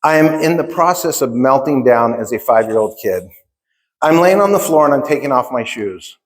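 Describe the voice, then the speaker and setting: A man's voice: mid-range voice, expressive, normal speed. Man speaking in a reverberant conference hall. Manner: emphatic, repeats key phrases. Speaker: keynote speaker. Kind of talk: motivational storytelling speech. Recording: long reverb of a large hall.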